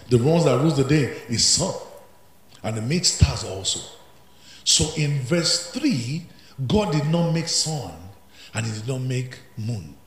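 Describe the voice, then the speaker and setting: A man preaching a sermon as pastor, swinging from hushed asides to shouted climaxes. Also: mid-range voice, echoey room, a little hiss or hum.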